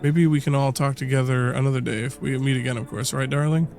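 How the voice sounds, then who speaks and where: A man reading the lines of a polite, evasive traveler begging for shelter, soft-spoken and pleading. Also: medium pitch, steady tone, fast, creaky, soft background music, lightly acted. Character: polite male traveler, wife in tow, evasive.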